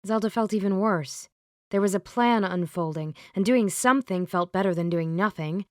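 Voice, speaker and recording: A woman narrating a romance audiobook in a steady, clear storytelling manner. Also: medium pitch, normal speed, dry recording, studio quality.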